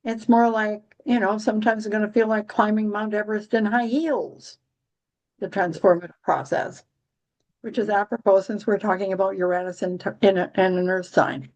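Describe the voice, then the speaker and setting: A woman's voice: medium pitch, steady tone, normal speed, a little mellow. A woman hosting a casual astrology chat, rambling with many restarts and dry, giggly humor. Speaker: astrology podcast host.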